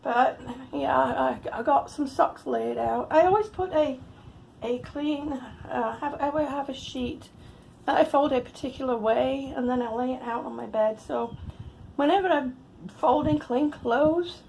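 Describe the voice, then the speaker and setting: A breathless woman in her fifties talks slowly through her day at home, her voice sitting high. She chats casually, laughs often and coos at her cats, as if to close friends. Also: gravelly, a little mellow, a little hiss or hum. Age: 50s. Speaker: vlogger.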